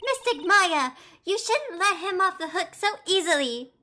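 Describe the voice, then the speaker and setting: A woman voicing an excitable, clingy little girl who squeals and gets worked up. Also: a little slow, full character voice. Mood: excited. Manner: squealing, high-strung.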